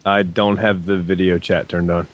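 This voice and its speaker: A man's voice: low-pitched, flat delivery, moderate pace, dull audio, very noisy. A man co-hosting a casual podcast chat, wisecracking and poking fun at himself. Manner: wisecracking, self-mocking. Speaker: podcast co-host.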